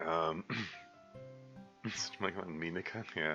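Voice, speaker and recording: Bright-voiced halting male game reader. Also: deep voice, big pitch swings, highs cut off, soft background music. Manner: halting, filler-heavy, self-interrupting. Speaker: game mod developer and reader. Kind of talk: visual novel reading with commentary.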